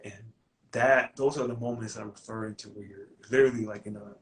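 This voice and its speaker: A man's voice: on the low side, fairly even intonation, fairly quick. A man who works as a coach, talking casually on a live stream, slangy and full of restarts. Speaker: life coach.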